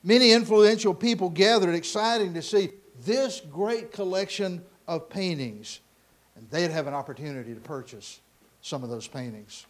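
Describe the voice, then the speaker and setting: A man telling a story dramatically, swinging between loud passages and hushed ones. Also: high voice, moderate pace.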